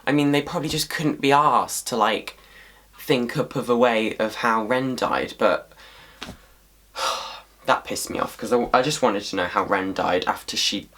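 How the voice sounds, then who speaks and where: A man vlogging in a loose, ranting monologue. He talks at a medium pitch and swears freely. His delivery is animated and exasperated, full of fillers and restarts. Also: a little slow.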